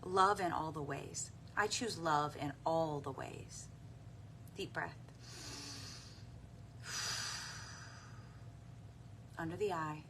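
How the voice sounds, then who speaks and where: A woman guides a tapping meditation at a very slow, gentle pace. Her fairly low voice has a bright, clear edge, and a faint hum sits behind it. She pauses often for deep breaths and audible sighs. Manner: soft, unhurried, with frequent deep breaths and sighs.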